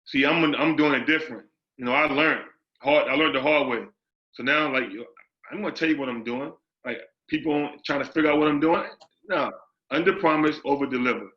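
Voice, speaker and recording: A man's voice: on the high side, a little fast. A man, a basketball coach, answering interview questions emphatically, repeating his phrases and using street slang. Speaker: associate head basketball coach. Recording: dull lo-fi audio.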